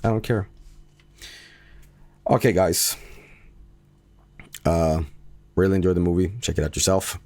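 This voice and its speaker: A man's voice: low voice, unhurried, long pauses, dark tone, dry recording. A man streaming and casually rambling about a movie, laughing often and swearing freely.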